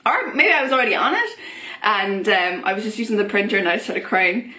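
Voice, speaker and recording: A young adult woman vlogger talking casually to camera in an animated, excitable rant, her voice jumping up often. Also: brisk. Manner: animated, excitable, frequent pitch jumps and laughs. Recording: echoey room.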